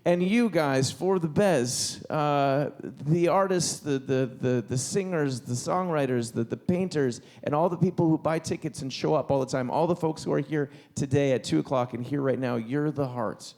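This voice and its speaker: A man hosts a live concert from the stage, his voice pitched a little high as he rambles through thanks and announcements. He keeps restarting his sentences and sounds loose and unscripted. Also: normal speed, few pauses, darkish tone. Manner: rambling, self-interrupting, enthusiastic. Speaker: event host. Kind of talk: casual stage emcee talk.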